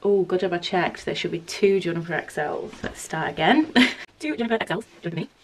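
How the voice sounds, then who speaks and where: A woman with a fairly low voice talks to the camera in a casual, excitable vlog chat, breaking into giggles as she goes. She records in her home studio workroom with a faint hum of room ambience behind her. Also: a little fast, low-quality recording. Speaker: small business owner.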